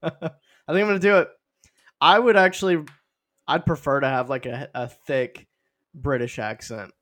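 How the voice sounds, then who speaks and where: A young man in relaxed, rambling podcast chat with a friend. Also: on the high side, moderate pace. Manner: laid-back, rambling, says dude.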